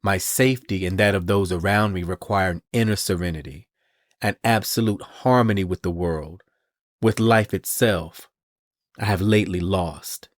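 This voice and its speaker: A regal heroine speaks with grave formality, as a man reads her lines aloud. The tone is low and measured, and the dry, close podcast mic leaves no room sound. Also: no echo, lightly acted. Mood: solemn. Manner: grave, formal comic-book dialogue read slowly. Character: regal, solemn weather-goddess heroine, adult woman.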